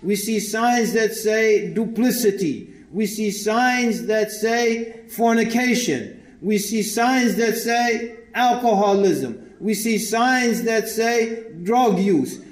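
A man preaching a sermon, emphatic, posing rhetorical questions to his congregation and reciting scripture in Arabic before translating it. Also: sits high. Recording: echoey room.

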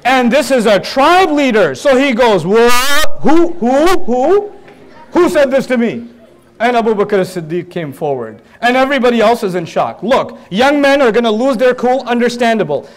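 A man giving a religious lecture as a lively story, joking and laughing often. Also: extremely high pitch. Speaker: Islamic lecturer.

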